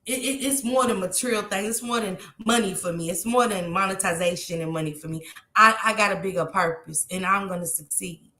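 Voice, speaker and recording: Tearful woman vlogger, bright echoey voice. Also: medium pitch, brisk. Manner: heartfelt, repetitive, speaks straight to her viewers. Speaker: live-stream vlogger. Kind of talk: emotional live-stream talk to viewers.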